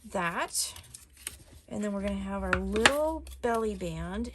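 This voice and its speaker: A woman hosting a casual step-by-step craft tutorial at her desk, talking in a chatty, relaxed way with frequent ums and small restarts. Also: medium pitch, heavy background noise.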